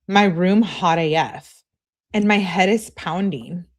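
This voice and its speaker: A woman's voice: fairly low pitch, takes it slowly. A woman reading as a whiny young girlfriend. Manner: complaining, pleading. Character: whiny young woman texting her boyfriend.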